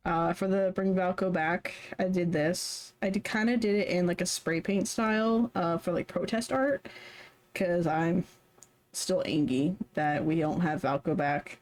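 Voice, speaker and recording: A woman's voice: medium pitch, a little slow, a little mellow. A young woman chatting casually on a live stream while she draws, rambling and self-deprecating. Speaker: streamer drawing fan art.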